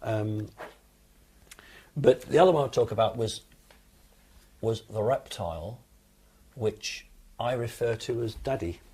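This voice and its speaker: A man from the United Kingdom, calmly recounting his experiences as an interview guest in a matter-of-fact, explanatory way. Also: lowish voice, slow, pauses often, breathy edge.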